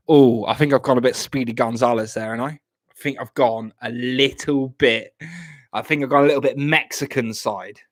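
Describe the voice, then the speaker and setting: A young man from Plymouth, chatting casually on a live stream at home, often stammering and repeating words. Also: medium pitch. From Plymouth, England.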